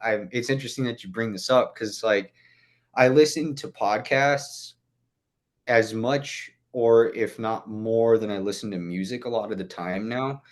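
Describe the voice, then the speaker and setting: A man's voice: lowish voice, measured pace. A young man chatting as a podcast guest, rambling with lots of "like" fillers and casual swearing. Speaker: guest musician.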